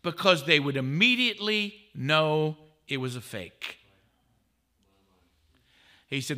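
A man speaking as a guest at a conference, telling a story in an animated way. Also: a little high, slow pace, pauses often. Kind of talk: conference talk. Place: conference stage.

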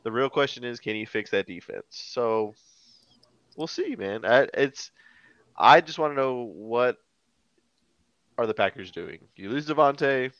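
A man's voice: mid-range voice, expressive, unhurried, long pauses, fairly bright tone, no echo, muffled recording. A man co-hosting a sports podcast, joking and giving loose opinions. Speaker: podcast co-host. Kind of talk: casual sports podcast chat.

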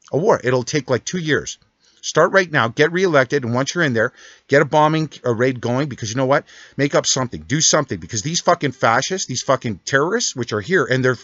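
A man's voice: mid-range voice, a bit bright, no room sound. A man in a furious, profane, rambling rant, swearing constantly. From Canada. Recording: dull, dry lo-fi recording.

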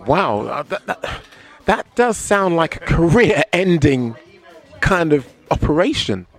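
A man's voice: a little high, big pitch swings, slow, gravelly. A man interviewing a guest, making short, informal remarks and comments. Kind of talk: casual interview talk.

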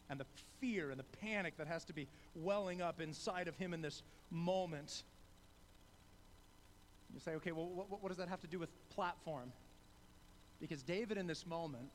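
High-voiced conversational male preacher. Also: slight background noise, low-quality recording. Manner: conversational, acts out biblical characters with rising excitement; repeats words when starting sentences. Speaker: pastor. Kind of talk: sermon.

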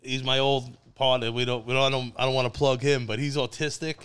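A man telling a story in casual chat, animated and laughing often. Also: medium pitch, fairly quick, clean tone.

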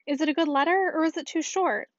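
Hesitant young woman, high and pleading, dry lo-fi, read by a woman. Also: fast talker, no room sound, natural voice. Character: timid, uncertain young woman. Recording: dull, dry lo-fi recording.

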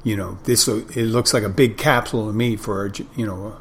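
A man's voice: lowish voice, fairly even intonation, normal speed, a little hiss or hum. A middle-aged man hosting a podcast, telling wry, rambling anecdotes in a casual monologue. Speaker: podcast host.

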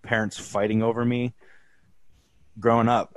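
A man with a low voice hosts a casual podcast, speaking earnestly and reflectively, often restarting his sentences. The sound is dry and close, with no room around it. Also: steady tone, normal speed, no room sound. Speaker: podcast host.

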